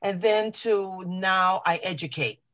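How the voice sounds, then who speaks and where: A woman patient advocate telling a personal story on a video call, earnest and animated, acting out the voices of people she quotes. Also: mid-range voice, slow pace. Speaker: lung cancer patient advocate.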